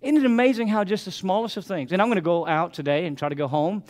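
A man's voice: high voice, fast talker, a little mellow. An older man preaching a sermon as pastor, repeating phrases and calling out to his congregation.

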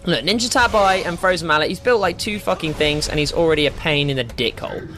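A man's voice: fairly high pitch, quick pace, music in the background. A young man giving live gameplay commentary, ranting and swearing as he plays. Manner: ranting, swears a lot, excitable. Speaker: gamer.

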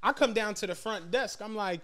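Man, Philly accent, high-pitched, podcast co-host, casual storytelling, laughs a lot, swears freely. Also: a little fast. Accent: Philadelphia. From Philadelphia. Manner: laughing often, loose and profane, animated retelling.

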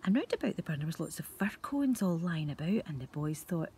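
An older Scottish grandmother tells a bedtime story to young children at home, gentle and animated, pausing to draw them in. Her voice is fairly low, and a faint background hiss can be heard.

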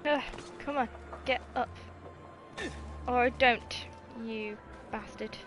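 A woman's voice: on the high side, fairly even intonation, slow pace, music in the background. A woman giving casual let's-play commentary, exasperated at the game, swearing and laughing at herself. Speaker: gaming video host.

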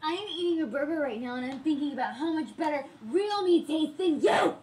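A high-pitched, melodramatic heartbroken young woman, acted by a woman in a comedy sketch, whining and pleading with big swings of pitch. The audio carries a clear layer of background noise. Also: expressive, brisk, darkish tone.

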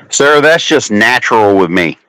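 A man hosting a casual livestream chat from home, telling crude stories full of swearing. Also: dry recording. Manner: crude, profane storytelling with lively swings in pitch. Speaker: livestream host.

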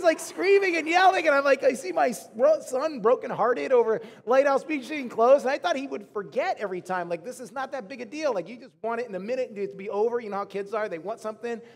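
High-voiced pastor preaching in a reverberant hall. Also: male voice, fast, gravelly, hardly any pauses. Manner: animated, chatty storytelling to the congregation. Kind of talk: sermon. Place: church auditorium.

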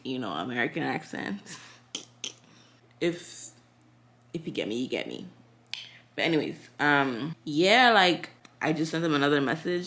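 A young woman, a fashion designer, chatting casually to camera in a vlog, excitable and full of "y'all" and "like", with a slight lisp. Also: low-pitched.

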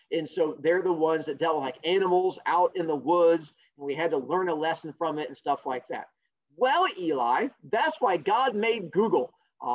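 A man hosting a podcast, telling a fable in a casual, jokey, animated way. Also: on the high side, muffled recording. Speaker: podcast host. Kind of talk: casual storytelling.

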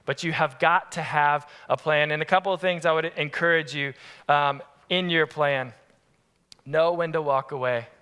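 A man preaching a sermon as pastor, telling family stories in an animated, lively way. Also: fairly high pitch, normal speed, clean tone. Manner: animated, acts out family scenes. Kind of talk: storytelling sermon. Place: church sanctuary. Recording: long church-hall reverb.

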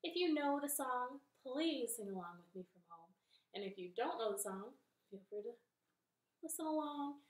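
A woman's voice: sits high, animated, normal speed, echoey room. A young woman hosting a children's storytime from her living room, cheerfully coaxing kids to sing along with a ukulele. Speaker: library storytime host.

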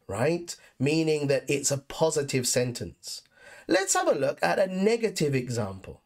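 A woman teaching an English lesson, explaining grammar clearly and reading example sentences aloud. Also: low-pitched. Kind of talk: scripted lesson narration.

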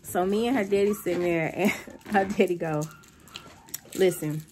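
A woman's voice: mid-range voice, moderate pace, darkish tone, slight background noise. A woman in her thirties, a vlogging mom telling funny family stories to the camera and often laughing. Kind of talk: casual storytelling to camera.

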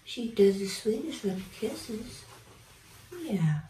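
A woman's voice: mid-range voice, animated, slow pace, mellow, slight background noise. A woman bird breeder giving a casual handling demonstration, cooing baby talk to a tame parrot, often near a whisper. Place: aviary indoors. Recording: roomy, from a distance.

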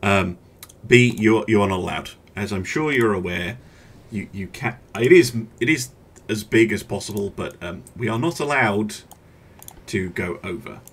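A man hosting a gaming channel, giving relaxed gameplay commentary and thinking aloud as he works through choices, with hesitant fillers. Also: on the low side, measured pace, husky.

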